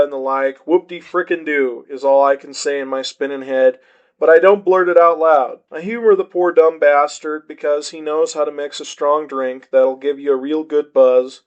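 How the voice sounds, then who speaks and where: A man reading a short story aloud in the first person with a wry, laid-back delivery, on a dull lo-fi recording. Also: a little high.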